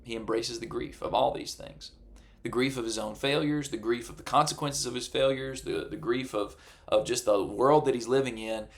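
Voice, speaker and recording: Male pastor, gravelly low edge, earnest sermon delivery with animated asides. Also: moderate pace. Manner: earnest, animated preaching with mock voices.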